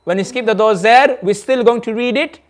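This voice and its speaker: High-voiced man teaching recitation. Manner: patient, repetitive, draws out recited words slowly. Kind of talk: tajweed lesson with call-and-response recitation. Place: community centre classroom.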